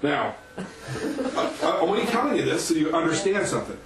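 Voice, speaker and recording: A man preaching, telling a story to his listeners in an animated way and chuckling between lines. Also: on the high side, fast talker, crowd noise. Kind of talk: sermon storytelling. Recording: echoey room, mic at a distance.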